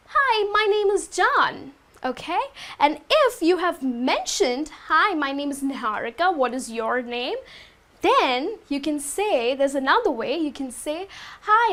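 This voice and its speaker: A woman's voice: high voice, fairly bright tone. A young adult woman teaching an English lesson, explaining step by step and checking in with "okay?" after each point.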